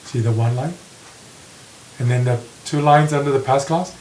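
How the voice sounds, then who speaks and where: Male teacher, mid-pitched, unhurried, walks students through example sentences in a roomy space with light hiss. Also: a little mellow. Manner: slow, deliberate, repeats example sentences. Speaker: English grammar teacher. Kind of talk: slow classroom grammar lesson. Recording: echoey room with faint hiss.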